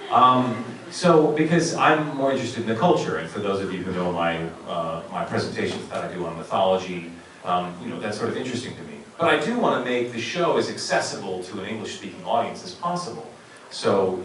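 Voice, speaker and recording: A middle-aged man, a voice actor on a convention panel, talking in an articulate, animated way and laughing often. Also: low voice, slight background noise. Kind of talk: casual panel talk. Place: convention hall. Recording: echoey convention hall from far off.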